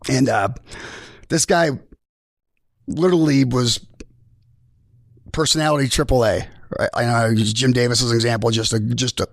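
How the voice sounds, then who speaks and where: A man, a military veteran, tells a personal story as a podcast guest, halting and restarting often as he speaks. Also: medium pitch, fairly even intonation, vocal fry, no echo, clean studio sound. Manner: halting, with many restarts and repeated words. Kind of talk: emotional personal storytelling in conversation.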